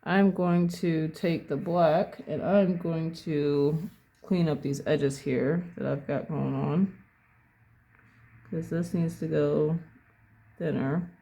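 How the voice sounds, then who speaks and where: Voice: medium pitch, fairly even intonation, slow pace, gravelly, warm tone, slightly rough, lo-fi sound. A painting instructor casually talking through each brushstroke at a desk, thinking aloud and correcting themself as they go. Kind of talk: casual step-by-step painting demo. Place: at a home desk.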